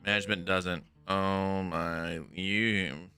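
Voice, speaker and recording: Chatty low-voiced man streaming a game. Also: steady tone, slow pace, pushed and bright, clear, resonant tone, soft background music. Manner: chatty, teasing, talks to chat and off-mic family. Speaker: live streamer playing a truck game. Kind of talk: casual live-stream chat.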